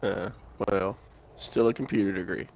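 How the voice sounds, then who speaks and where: A man's voice: deep voice, fairly even intonation, normal speed, vocal fry, slight background noise. A young man streaming a game, bantering with a friend in a profane, joking way. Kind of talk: casual gaming chat.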